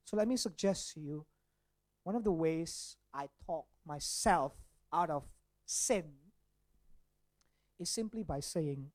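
A man preaches in an animated, searching way. He leans on rhetorical questions and often restarts his sentences. The recording is dry and close, with no room sound. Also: a little high, takes it slowly, pauses often, no echo. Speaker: pastor. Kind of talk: sermon.

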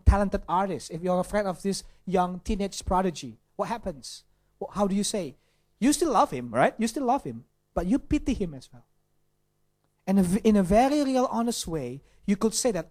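Pastor preaching in English. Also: male voice, high voice, sing-song, normal speed, a little mellow. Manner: asks the audience questions, with some Indonesian asides. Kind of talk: sermon.

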